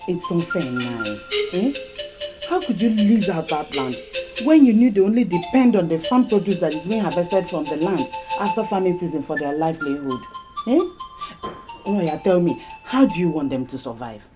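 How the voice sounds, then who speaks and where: A woman's voice: on the low side, animated, moderate pace, over music, close to an everyday voice. A woman playing a reproachful Nigerian wife. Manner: reproachful, soothing. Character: firm, reasonable village wife. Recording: film score underneath.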